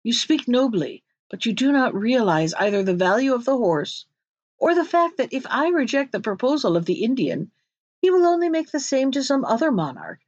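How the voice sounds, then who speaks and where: A woman's voice: a little high, very animated, normal speed, darkish tone, no room sound, lo-fi sound. Give me a woman reading as a fretful commanding king. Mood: deliberating. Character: anxious, imperious old king.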